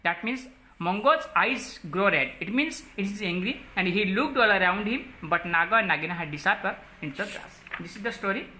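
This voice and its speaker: Woman teacher, Odia English accent, crisp bright tone, halting, lots of fillers while listing word meanings. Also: medium pitch, expressive, a little hiss or hum. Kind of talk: classroom lesson explaining a story.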